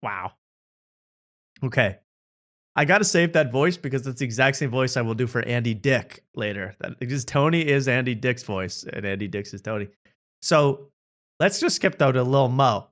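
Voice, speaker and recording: A man's voice: medium pitch, animated, moderate pace, fairly bright tone. A man hosting a casual late-night show, laughing and joking about comedy clips. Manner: laughing, playful, putting on silly voices. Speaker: host.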